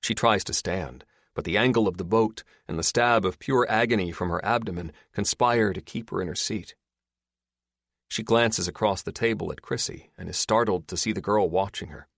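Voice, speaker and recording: A man narrating an audiobook in a steady, measured reading. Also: on the low side, gravelly, no echo, studio quality. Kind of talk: scripted narration.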